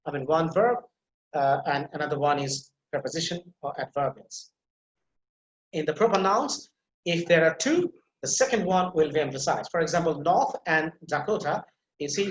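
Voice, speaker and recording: Male instructor, patient step-by-step explainer, roomy echoey sound. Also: fairly high pitch. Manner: explains step by step, repeats key points, many fillers. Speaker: teacher. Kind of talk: online pronunciation lecture.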